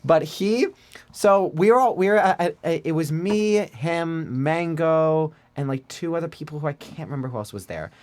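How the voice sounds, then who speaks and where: Man, higher pitch, excitable stammering storyteller. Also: moderate pace. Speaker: podcast guest. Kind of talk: casual storytelling.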